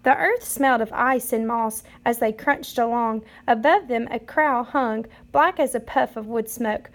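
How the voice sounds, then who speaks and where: A woman reading a children's picture book aloud in a steady, measured way. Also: on the high side. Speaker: storyteller.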